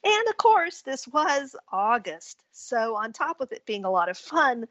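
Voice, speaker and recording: A woman with a fairly high, husky voice tells a story on a radio talk show, animated and quick to laugh. The sound is dry and a little dull, like a lo-fi call. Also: dry recording. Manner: animated storyteller who acts out quotes and laughs often. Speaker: guest folklorist and author.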